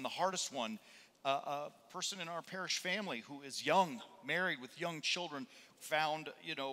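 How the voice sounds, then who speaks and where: A man preaching a sermon as a pastor, telling a personal story in an animated, conversational way. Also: fairly high pitch. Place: church. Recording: long reverb of a church hall.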